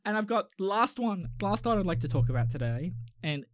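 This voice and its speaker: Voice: medium pitch, sing-song, fairly quick, no echo, studio quality. Rambling young Australian podcast host. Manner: rambling, swears, many restarts and fillers. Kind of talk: casual chat.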